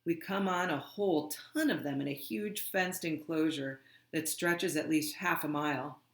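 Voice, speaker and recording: A reader reading a children's novel aloud, slow and deliberate. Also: medium pitch, fairly bright tone. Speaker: audiobook reader. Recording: roomy, echoey room.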